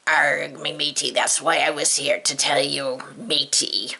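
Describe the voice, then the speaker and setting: A woman's voice: deep voice, steady tone, measured pace, creaky, bright, forceful tone, slightly rough, voice pushed down, full character voice. A woman voicing a blustering male pirate who growls and calls everyone matey. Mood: blustery.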